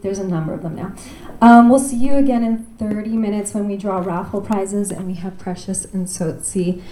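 Host, woman, warm mellow tone, chatty announcements, echoey room. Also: mid-range voice, fairly even intonation, moderate pace, a little hiss or hum. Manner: chatty, rambling anecdotes. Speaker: event host. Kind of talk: announcing between readings.

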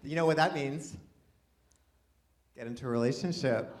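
A man's voice: a little high, moderate pace, long pauses, a little hiss or hum. A man doing a rambling, self-deprecating stand-up set, chatting with the crowd. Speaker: stand-up comedian. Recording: live venue with audience laughter.

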